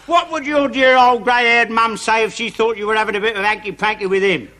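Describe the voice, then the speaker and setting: An actor playing a boastful, nosy busybody in a TV sketch comedy. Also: male voice, extremely high pitch, steady tone, fairly quick, sharp tone. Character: cocky working-class male busybody, self-praising.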